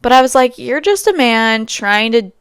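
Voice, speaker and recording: A woman's voice: on the high side, lively intonation, normal speed, clear, resonant tone, dry recording, clean studio sound. A young woman hosting a podcast, telling stories in a rambling, casual way with lots of fillers. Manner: chatty, rambling storytelling with many fillers. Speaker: podcast host. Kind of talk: casual chat.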